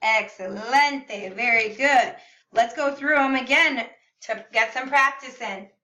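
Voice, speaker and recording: Bright, slow-talking woman teacher, echoey room. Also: fairly high pitch. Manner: upbeat, slow and clearly enunciated, modeling words for repetition. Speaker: Spanish teacher. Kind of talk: video lesson for kids. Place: classroom or room at home. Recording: echoey room, slightly far from mic.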